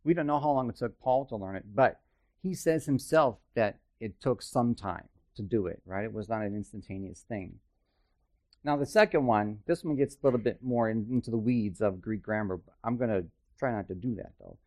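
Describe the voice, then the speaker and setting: A man's voice: on the low side, normal speed, darkish tone. Man teaching a casual Bible study. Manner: chatty asides, checks in with the listeners; self-deprecating humor.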